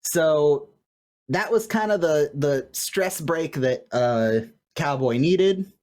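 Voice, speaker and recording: A man co-hosting a podcast in casual recap chat, animated and laughing often as he quotes lines. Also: a little high, slow pace. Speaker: podcast co-host. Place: home room with light fan noise.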